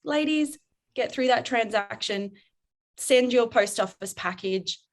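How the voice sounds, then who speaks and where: A woman parenting coach, a guest in an interview, explaining advice in a lively, animated way. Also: fairly high pitch, a little slow. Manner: animated, explanatory, acts out quotes.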